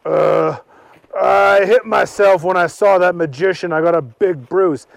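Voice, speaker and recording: A man's voice: high-pitched, measured pace, gravelly, dry recording. A man voicing a determined young boy adventurer in a slightly raised, eager voice.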